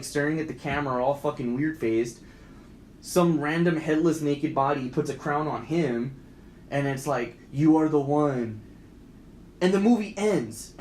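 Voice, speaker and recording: A young man with a fairly high voice rambles through a profane movie rant as a podcast co-host. He acts out the lines he quotes. It is recorded in an echoey room with faint noise behind him. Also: darkish tone.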